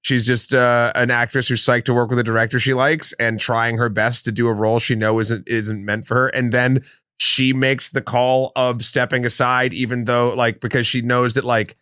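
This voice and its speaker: A man co-hosting a film podcast, speaking in a laid-back, halting way. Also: mid-range voice, level tone, fairly bright tone, clean tone, no room sound, clean studio sound. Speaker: podcast co-host. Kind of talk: casual film discussion.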